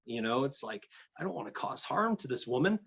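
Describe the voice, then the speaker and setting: A middle-aged man telling a personal story as a guest in an interview, animated and full of restarts. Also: mid-range voice, fairly quick, creaky, slightly rough, dull audio. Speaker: guest, energy healer.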